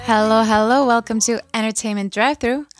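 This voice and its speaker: A woman hosting an interview show, chatting in a lively way and laughing with her guests. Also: on the high side, fairly quick, over loud music. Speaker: host. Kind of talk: casual interview chat.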